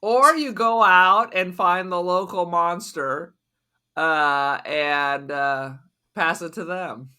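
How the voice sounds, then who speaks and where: A man's voice: high voice, slow pace, bright, forceful tone, clean tone. A man co-hosting a podcast in casual chat, blunt and swearing freely, laughing often. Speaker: podcast co-host.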